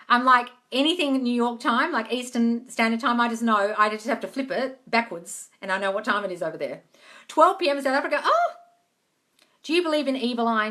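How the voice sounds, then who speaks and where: A bright, fairly high-pitched woman from Australia hosts a casual live stream. She reads out viewer comments and answers them in a chatty, easygoing way. She swears freely and calls her listeners darling.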